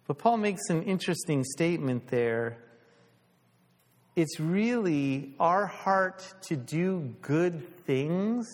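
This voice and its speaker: A man's voice: on the high side, animated, slow, in a large hall. A male pastor preaching a sermon in a conversational way, asking the congregation questions.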